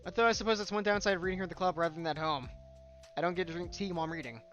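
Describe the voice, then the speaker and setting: A man's voice: high-pitched, very fast, muffled recording, faint music behind. A man doing a timid, anxious bookish girl. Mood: polite. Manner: soft, hesitant and apologetic.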